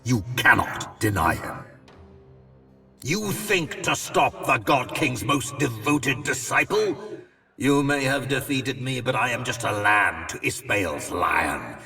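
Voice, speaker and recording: An actor playing a menacing male villain in a video game, the devoted disciple of a dark god, gloating and theatrical. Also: mid-range voice, animated, slow pace, vocal fry, full character voice. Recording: distant, hall reverb, music behind.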